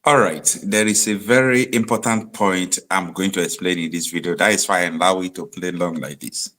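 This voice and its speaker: A man from Nigeria hosts a live online show, giving commentary. His low voice turns animated and rises into emphatic outbursts. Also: brisk.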